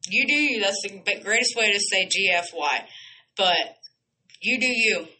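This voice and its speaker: A woman podcast host with a mid-range, bright, forceful voice delivers an unhurried, impassioned monologue on poor audio. She is blunt and emphatic, swears freely, and repeats and corrects phrases mid-sentence.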